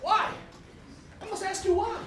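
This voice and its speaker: A man's voice: very high-pitched, steady tone, measured pace. A young man in a student comedy sketch playing an incredulous, exasperated job applicant. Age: young adult. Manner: incredulous, giggly. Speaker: sketch actor. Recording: echoey room, far mic, noisy.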